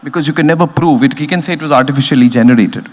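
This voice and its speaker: A man with an Indian English accent delivers a keynote speech with fervour, leaning hard on key words. His voice sits somewhat high. The sound carries the long, lingering reverb of a large hall. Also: rapid-fire. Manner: emphatic, impassioned, punchy stressed phrases. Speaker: keynote speaker, news editor.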